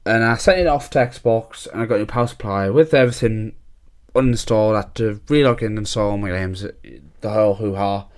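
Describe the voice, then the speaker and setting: A man's voice: fairly low pitch, a little fast, a little mellow. A young man, talking casually and at length as a podcast host, swearing freely and laughing often.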